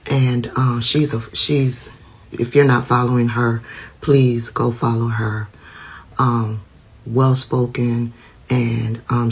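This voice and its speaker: Slow, flat, husky-voiced creator. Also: medium pitch. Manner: measured, hesitant, with fillers. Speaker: TikTok creator responding. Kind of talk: casual talk to camera.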